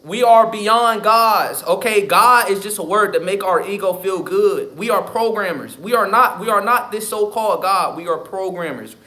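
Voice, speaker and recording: A man's voice: high-pitched, normal speed, hardly any pauses, pushed and bright. A man, talking casually and emphatically on a live stream, profane and repetitive. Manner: emphatic, profane, repeats himself. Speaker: livestream host. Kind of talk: casual livestream talk.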